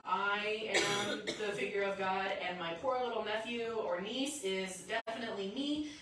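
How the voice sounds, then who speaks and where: A woman preaches a sermon in a church sanctuary, telling stories with energy and acting out quotes. Her medium-pitched voice is a little slow. The recording comes from a distance in an echoey hall with heavy background noise.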